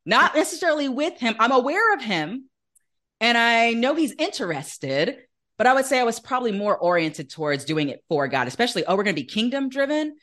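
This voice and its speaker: A woman guest on an interview podcast, telling a personal faith story in an earnest, animated way and acting out the voices she quotes. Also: a little high, brisk. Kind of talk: conversational testimony in an interview.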